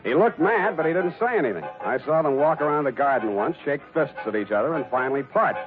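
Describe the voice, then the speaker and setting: A man's voice: a little high, expressive, quick pace, loud music behind the voice, lightly acted. An actor playing a wisecracking private eye who narrates his case in a 1940s radio drama, with dry, wry delivery. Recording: tinny old radio broadcast.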